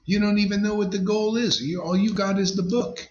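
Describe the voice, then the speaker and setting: A man's voice: high-pitched, fairly even intonation, a little fast, a little mellow, lo-fi sound, slight background noise. A man giving an informal devotional sermon as a spiritual teacher, blunt and emphatic, with slangy asides.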